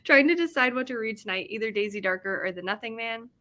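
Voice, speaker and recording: A woman's voice: a little high, animated, fast talker, sharp tone. A young woman hosting a casual livestream, chatting in a rambling way, laughing often and reading out chat comments. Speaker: livestream host.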